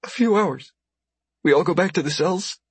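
Man playing a frightened young woman captive, high and shaky, breathy, close and dry. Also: normal speed, no room sound. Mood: scared.

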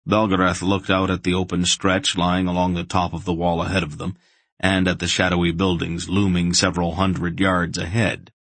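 A man narrating a fantasy audiobook in a measured, deliberate way. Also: deep voice, completely flat delivery, a bit bright, no echo.

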